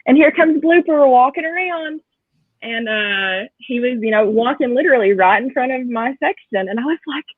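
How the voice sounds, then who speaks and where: A woman's voice: high-pitched, expressive, moderate pace, no echo. A woman guest chatting in a casual interview, enthusiastic and talkative, laughing often, speaking over a video call. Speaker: guest collector. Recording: tinny phone-like call audio, dry.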